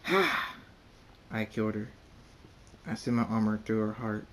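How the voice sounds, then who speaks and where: A man reading his own fan fiction story aloud in the first person, halting and repeating words. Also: lowish voice, monotone, a little mellow, slight background noise.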